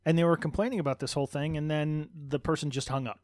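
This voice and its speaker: Higher-voiced man in casual dry chat. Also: steady tone, quick pace, darkish tone, no echo. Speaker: podcast co-host.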